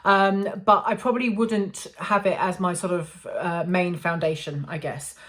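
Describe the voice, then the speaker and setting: Chatty woman, low voice. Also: fairly even intonation, measured pace, fairly bright tone, slight background noise. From England. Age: 40s. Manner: chatty, self-amused, with many ums. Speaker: beauty vlogger. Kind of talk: casual make-up review to camera.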